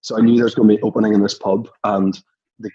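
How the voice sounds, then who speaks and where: Northern Irish man, thirties, husky breathy voice, chuckling storyteller, dull lo-fi audio. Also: on the low side, level tone, racing, mellow. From Northern Ireland. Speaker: podcast guest. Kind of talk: casual chat.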